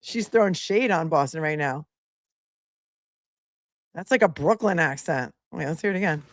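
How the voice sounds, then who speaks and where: A woman's voice: deep voice, expressive, normal speed, no room sound. A woman attorney hosting a live commentary stream, chatty and sassy, laughing often as she talks to viewers.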